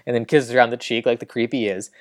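A man's voice: medium pitch, steady tone, quick pace, dry recording, clean studio sound. A man casually recapping a movie as a podcast co-host, rambling and acting out quoted lines.

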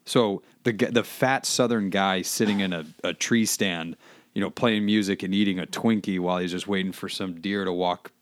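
A man's voice: sits low, steady tone, normal speed, dry recording, studio quality. A man co-hosting a podcast, chatting casually in a joking, rambling way. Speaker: podcast co-host. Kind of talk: casual chat.

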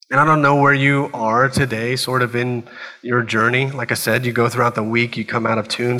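A man preaching in a church with a bright, forceful voice, pressing his points in short repeated phrases. His words ring out with a long reverb that trails through the sanctuary. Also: medium pitch. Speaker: pastor. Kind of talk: sermon.

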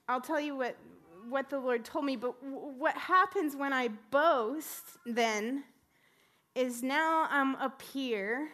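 A woman's voice: sits high, fairly bright tone. A woman in her thirties preaching a sermon, telling a personal story and rising to fervent exclamations.

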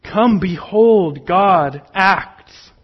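Guy preaching a sermon, high-ish voice, slow and emphatic, kinda dull lo-fi sound. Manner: slow, emphatic preaching with dramatic drops to near whisper. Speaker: pastor.

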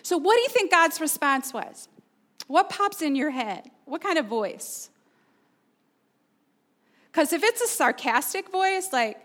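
A woman's voice: high-pitched, big pitch swings, unhurried, pauses often, a bit bright. A middle-aged woman pastor preaching a sermon, earnest and personal, asking her listeners questions.

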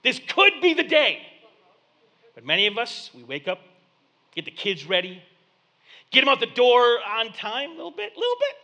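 High bright-voiced male pastor preaching. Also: moderate pace, vocal fry. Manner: storytelling, conversational and animated. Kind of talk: sermon. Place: church basement.

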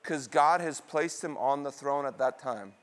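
A middle-aged man preaching a sermon, asking the congregation questions and answering them, with dramatic swings between loud bursts and quiet, low asides. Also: a little slow. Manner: call-and-response questions, dramatic swings in pitch and loudness. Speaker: pastor.

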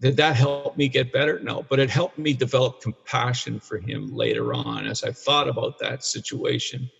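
A man's voice: medium pitch, normal speed, creaky, a bit bright, husky. A man in his sixties from Canada telling a hard personal story as a guest, rambling and restarting, blunt and sometimes profane. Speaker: guest, addiction counselor for men. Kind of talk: candid storytelling in conversation. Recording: dull, echoey room recording.

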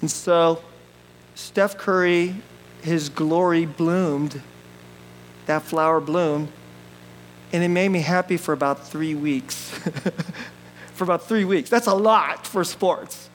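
High-voiced, animated male pastor. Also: slow, long pauses, a little hiss or hum, low-quality recording. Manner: animated and jokey, laughs often, swings from loud bursts to quiet asides. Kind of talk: sermon.

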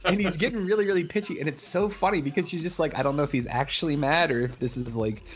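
A man's voice: a little high, quick pace, faint music behind. A man co-hosting a podcast, chatting casually with a wry, joking manner. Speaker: podcast co-host. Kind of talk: casual chat.

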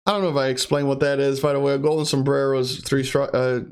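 A man's voice: medium pitch, fairly even intonation, fast, smooth. A young man giving a blunt, profane pep-talk rant in a casual monologue.

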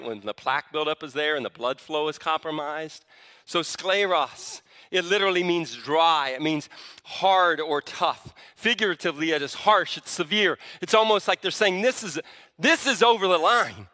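A man's voice: fairly high pitch, sharp tone, big-room sound. A male pastor preaching a sermon with emphasis, often restarting his words mid-phrase.

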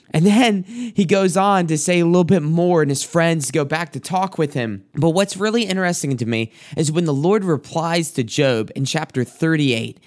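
A man's voice: on the high side, normal speed, hardly any pauses, no room sound, clean studio sound. A man preaching an earnest sermon, sometimes repeating words as he speeds up.

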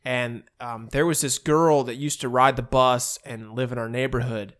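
A man in his thirties tells a rambling, animated story among friends. His pitch is mid-range, and he throws in filler words. He pushes his voice way up when he acts out other people. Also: moderate pace.

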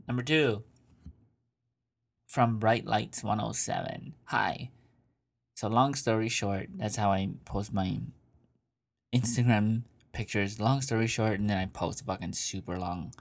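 A man's voice: fairly low pitch, slow pace, long pauses. A man hosting an advice show, reading listener questions aloud and answering with crude, mocking commentary while laughing. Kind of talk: casual profane advice commentary.

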